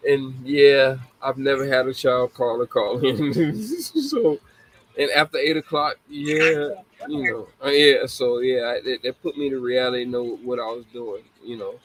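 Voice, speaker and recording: A man's voice: medium pitch, a little slow, rough recording. A man in his forties hosting a casual live talk show, laughing often and apologizing to young listeners he calls babies. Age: 40s. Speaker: show host.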